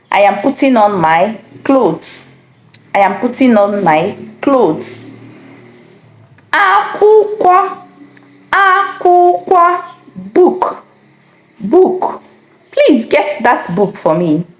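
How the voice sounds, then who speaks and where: Slow, careful woman teacher. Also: medium pitch, reverberant. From Nigeria. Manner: slow, repeating each word with careful tones. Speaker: language teacher. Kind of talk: slow vocabulary lesson.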